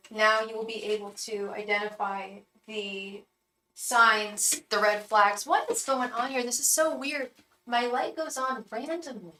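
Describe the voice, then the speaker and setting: A woman's voice: medium pitch, sharp tone, far from the mic, slight background noise, poor audio. A woman giving a live-streamed tarot reading, talking in a frank, chatty way and swearing casually. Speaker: tarot reader and psychic.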